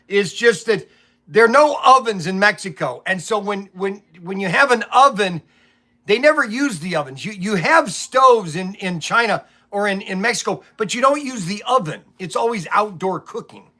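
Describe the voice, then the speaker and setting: A man's voice: high voice, pushed and bright. A middle-aged man who owns a toy shop, telling rambling stories in a casual vlog, repeating words and acting out his phone calls.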